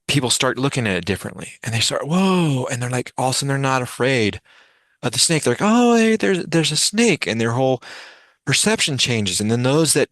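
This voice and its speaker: A man's voice: medium pitch, fairly bright tone, no echo. A man hosting a group meditation call, sharing a vision in a rambling way, repeating words and acting out quoted voices over a video call. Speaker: meditation session host.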